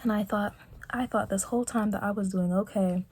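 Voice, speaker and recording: A young woman vlogging reflectively from her bedroom, talking softly and haltingly with many fillers and restarts. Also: mid-range voice, fairly even intonation, breathy edge. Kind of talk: reflective personal vlog.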